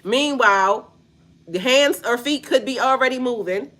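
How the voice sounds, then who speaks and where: A woman's voice: fairly high pitch, unhurried, fairly bright tone. A woman spiritual reader in casual livestream chat, blunt and profane, laughing often and talking straight to her viewers. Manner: slangy, repetitive, talks to chat.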